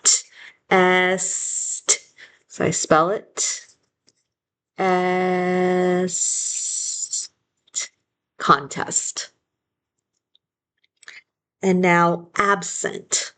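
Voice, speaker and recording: A woman's voice: lowish voice, sharp tone. Patient woman teacher dictating syllables. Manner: patient, splits words into syllables aloud; self-correcting, apologetic asides. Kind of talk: phonics lesson, slow dictation.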